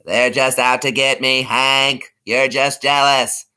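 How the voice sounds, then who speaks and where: A man's voice: mid-range voice, level tone, slow, pushed and bright, smooth. A man voicing a paranoid, conspiracy-minded middle-aged cartoon neighbor with a whiny, defensive delivery.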